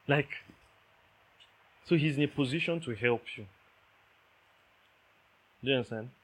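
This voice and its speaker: A man delivers a sermon in a husky, slightly rough voice. He preaches with emphasis and repeats his key lines. He keeps checking that his listeners follow him. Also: medium pitch, measured pace. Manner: emphatic, repeats key phrases, asks the audience "do you understand".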